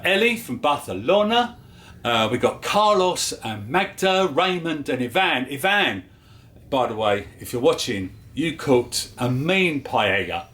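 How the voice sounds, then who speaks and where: A man's voice: mid-range voice, a bit bright. A man with a London accent hosting a casual home cooking vlog, chatty and jokey. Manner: chatty and jokey, with filler words. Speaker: cooking show host.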